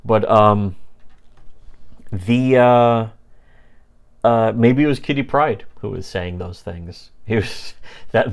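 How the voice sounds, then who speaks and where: A man co-hosting a casual comedy podcast about webcomics, rambling with many fillers and briefly mimicking the characters he describes. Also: lowish voice. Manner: rambling, many fillers, acts out comic characters in quick put-on voices. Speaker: podcast co-host.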